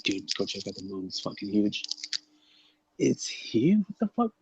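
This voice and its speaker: A man in casual livestream banter, excitable and swearing a lot, with loud outbursts. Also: fairly low pitch, normal speed, vocal fry, husky, dull audio. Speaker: co-host.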